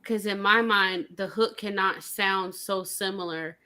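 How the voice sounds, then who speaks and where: A woman's voice: medium pitch, fairly even intonation, a little slow, sharp tone. A woman co-hosting a music review show, teasing and searching for words in casual chat. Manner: teasing, unsure phrasing.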